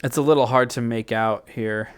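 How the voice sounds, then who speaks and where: In a very noisy recording, a man hosts a tutorial on music software, rambling as he thinks out loud and constantly correcting himself between fillers. He has a mid-range voice with fairly even intonation and a moderate pace.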